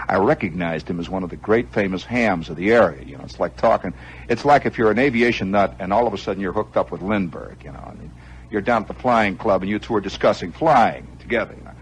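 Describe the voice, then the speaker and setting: A man with a lowish voice hosts a radio show, spinning a long improvised tale. He acts out scenes and drops chuckling asides as he goes. A faint hiss sits beneath his voice. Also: a little fast, poor audio. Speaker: radio host. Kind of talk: improvised storytelling monologue.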